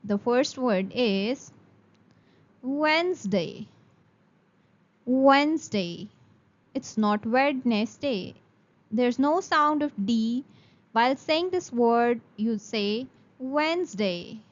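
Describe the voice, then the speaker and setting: A woman's voice: fairly high pitch, lively intonation, slow, lo-fi sound. A woman teaching a beginner English lesson, speaking carefully and repeating words for practice.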